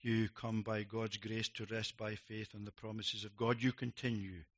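A middle-aged man preaching a sermon, emphatic, swinging between loud declarations and quiet reflective lines. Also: on the low side, level tone, normal speed.

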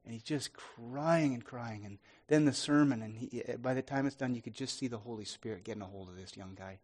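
A man giving an earnest sermon testimony, restarting often and swinging from loud to soft. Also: mid-range voice, brisk, slightly rough.

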